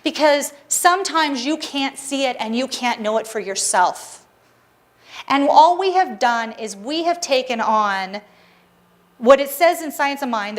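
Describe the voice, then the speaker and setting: A woman with a high, bright-pitched voice delivers a Sunday sermon to her congregation. She speaks earnestly and encouragingly, often slipping in playful asides. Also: lively intonation, moderate pace. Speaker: spiritual practitioner giving the Sunday talk. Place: church service hall.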